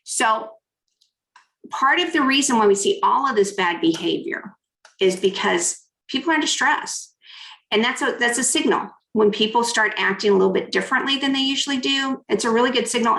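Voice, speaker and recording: Lively woman coaching an online workshop. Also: fairly high pitch, a little fast, creaky, roomy sound, low-quality recording. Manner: lively, coaching the audience through exercises. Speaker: keynote speaker on negotiation. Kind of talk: interactive online workshop talk.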